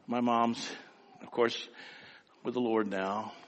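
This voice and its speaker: A middle-aged male preacher delivering a sermon with personal stories, dramatic, swinging between slow emphatic phrases and quick storytelling. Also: medium pitch, fairly even intonation. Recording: reverberant hall.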